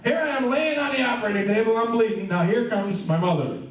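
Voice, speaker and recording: A middle-aged man performs stand-up on a live stage, joking chattily and quizzing the audience. His voice is extremely high and quick, with background noise, and the echoey room makes him sound distant.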